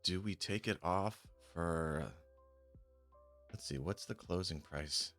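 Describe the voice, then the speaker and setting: A man with a low, fairly bright voice takes it slowly as he chats on a live stream, playing a game and reviewing options trades. Annoyance makes him mutter and swear; faint music sits behind the recording.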